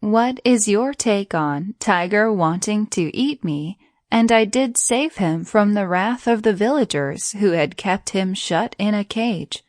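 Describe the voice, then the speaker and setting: Lady voicing a scared storybook man begging for his life, pitch pushed up high, dry close sound. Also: expressive, measured pace, dry recording, natural voice. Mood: urgent. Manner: pleading, raised pitch. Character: frightened man, a pleading Brahmin.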